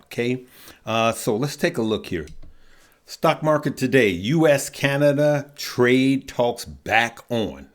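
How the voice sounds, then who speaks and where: A man hosting a casual stock market show, upbeat and chatty, drawling "y'all" and "good people" at his viewers. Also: mid-range voice. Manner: upbeat, chatty, laughs at the news.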